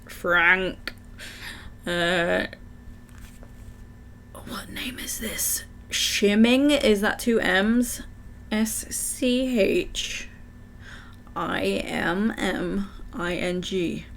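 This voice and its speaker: Croaky woman streamer, slow relaxed delivery, chatty and giggly, faint background noise. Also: medium pitch. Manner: chatty, giggly, reads chat aloud. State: croaky throat. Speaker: livestream gamer. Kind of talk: casual live gameplay chat, reading game text aloud.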